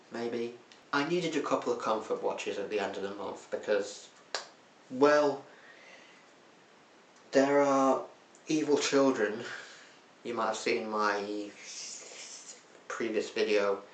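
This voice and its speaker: A man's voice: on the low side, a little hiss or hum. A man casually reviewing films with wry, self-mocking asides, recorded in an echoey room. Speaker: film reviewer. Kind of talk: casual monthly film roundup.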